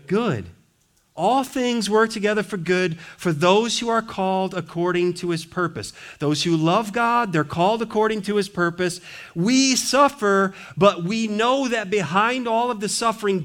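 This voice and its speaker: Earnest preacher, slightly high male voice. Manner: earnest, swings between emphatic and quiet. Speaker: pastor. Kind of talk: sermon.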